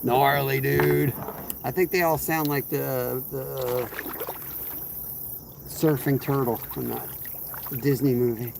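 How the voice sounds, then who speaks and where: A man's voice: medium pitch, fairly even intonation, takes it slowly, vocal fry, long pauses. A man hosting a fishing livestream outdoors, rambling casually and answering viewers' chat as he fishes. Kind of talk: casual live-stream chat while fishing. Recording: outdoor insect and cricket noise.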